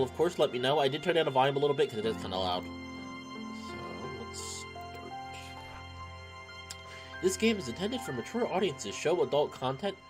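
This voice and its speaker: Chatty man streaming a game. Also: medium pitch. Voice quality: chatty, rambling, self-deprecating. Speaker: streamer playing a visual novel. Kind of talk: casual gaming commentary. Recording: game music underneath. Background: game music.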